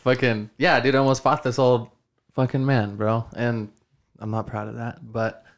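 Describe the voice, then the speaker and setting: A young man chatting loosely on his own podcast, his voice set at an ordinary middle pitch. He swears freely and keeps circling back to "dude" and "like". The talk sounds loose and unscripted, recorded in a small home studio. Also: flat delivery, normal speed. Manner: profane, rambling, says dude a lot. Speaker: podcast host. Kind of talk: casual podcast chat.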